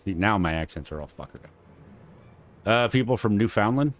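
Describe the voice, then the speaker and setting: A man's voice: lowish voice, animated, normal speed. A man with a Southern US accent streaming a game, reading the characters' lines aloud and chatting casually with swearing.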